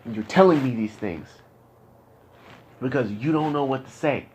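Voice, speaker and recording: A man's voice: medium pitch, moderate pace, a little mellow, a little hiss or hum. A young man talking candidly with his therapist, frustrated and profane, his voice climbing into anger as he vents. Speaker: patient in therapy.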